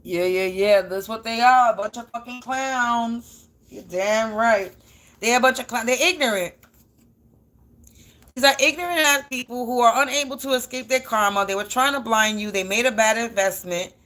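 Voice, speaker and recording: A woman's voice: fairly high pitch, moderate pace, fairly bright tone. A woman doing a casual spiritual reading, blunt and profane, repeating phrases for emphasis. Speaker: spiritual energy reader.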